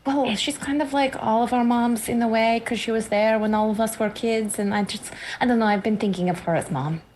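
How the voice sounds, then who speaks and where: A woman's voice: on the high side, fairly even intonation, fairly quick, a little mellow, a little hiss or hum. A woman playing a tabletop game, speaking in an earnest, wondering way. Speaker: player. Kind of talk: casual tabletop play.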